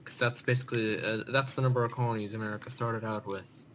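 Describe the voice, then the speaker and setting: A man's voice: lowish voice, steady tone, quick pace, fairly bright tone, slight background noise. A man co-hosting a casual podcast, answering quiz questions with self-deprecating jokes. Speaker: podcast co-host, quiz contestant.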